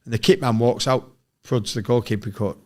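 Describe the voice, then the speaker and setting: A middle-aged man from England, a former footballer and podcast guest, telling sweary, animated anecdotes in casual chat. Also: mid-range voice, fairly quick. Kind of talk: casual storytelling.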